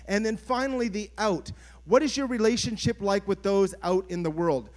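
A man's voice: sits high, moderate pace. A man, a pastor, preaching an earnest, conversational sermon and putting questions to his congregation.

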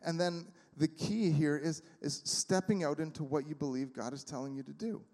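A pastor's sermon rings through a reverberant church sanctuary as he speaks conversationally, using many fillers and acting out small quotes. His voice sits on the high side, fairly even in intonation, at a moderate pace and a little mellow.

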